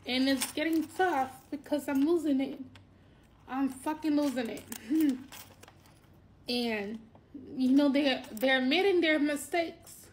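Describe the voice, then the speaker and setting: A woman talking in a personal vlog monologue, emotional and near tears, halting and repeating herself, her voice jumping up when she is moved. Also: high voice, slight background noise. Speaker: vlogger.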